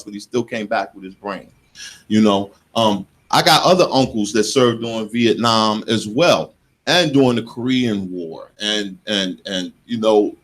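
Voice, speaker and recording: A man in his forties, from the United States, hosting a radio show in a studio and telling stories in an animated, joking way, laughing at himself. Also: medium pitch. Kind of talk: casual radio talk.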